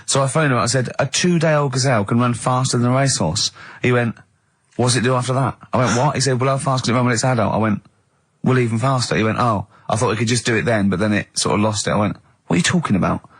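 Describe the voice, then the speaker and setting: Husky English radio host, animated. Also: male voice, medium pitch, fast, no echo. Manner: incredulous, animated storytelling with frequent laughter. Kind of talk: comedic radio banter.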